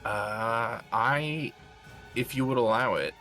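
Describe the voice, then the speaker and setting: A man's voice: medium pitch, slow pace, bright, forceful tone, faint music behind. A man playing a tabletop game, describing his character's actions and politely asking about the rules. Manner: polite, thinking aloud about rolls. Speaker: player. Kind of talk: tabletop role-play.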